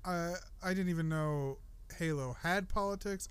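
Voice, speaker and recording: A man's voice: high-pitched, moderate pace, clear, resonant tone. A man co-hosting a podcast in casual chat, dropping short, dry questions. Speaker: podcast co-host.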